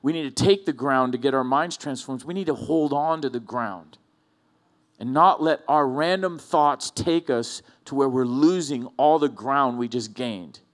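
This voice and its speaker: A man's voice: medium pitch, unhurried. Conversational male pastor preaching. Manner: conversational, with rhetorical questions to the room. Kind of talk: sermon. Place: church hall.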